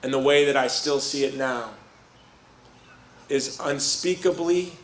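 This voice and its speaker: A man's voice: mid-range voice, measured pace. Storytelling middle-aged man in a roomy hall. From Chicago. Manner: lively storyteller who acts out quoted voices. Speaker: speaker. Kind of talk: personal story told to a live audience.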